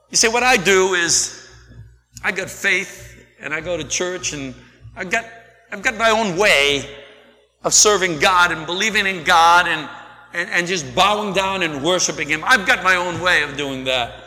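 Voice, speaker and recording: Male preacher, bright forceful tone, slightly high voice, sermon style. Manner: slow preaching, swings from soft to loud. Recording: long hall reverb.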